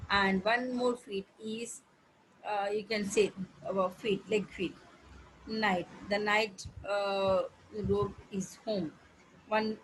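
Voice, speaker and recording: A woman teaching an English vocabulary lesson, explaining slowly, spelling words letter by letter, with frequent pauses and fillers. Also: medium pitch, a little hiss or hum, poor audio. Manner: hesitant, with frequent fillers and self-corrections.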